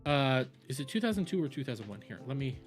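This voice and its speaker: A man's voice: mid-range voice, big pitch swings, fast, soft background music. A young adult man giving profane, rambling reaction commentary as a video host.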